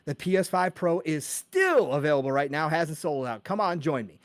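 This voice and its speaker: A man hosting a casual gaming podcast live stream, talking excitedly and reading out chat names with quick greetings and casual swearing. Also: on the high side, no echo, clean studio sound. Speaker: podcast host.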